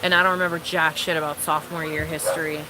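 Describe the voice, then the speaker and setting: A woman's voice: low voice, flat delivery, fast, very noisy. A young woman streaming a casual, rambling, profane chat with her viewers, calling them girl.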